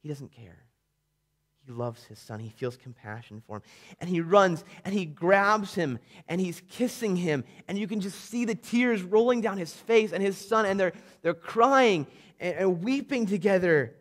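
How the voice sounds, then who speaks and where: Male preacher, high voice, dramatic storyteller who drops to a hush for effect. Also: lively intonation, normal speed. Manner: vivid storytelling, swinging between loud emphasis and hushed tones. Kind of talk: sermon.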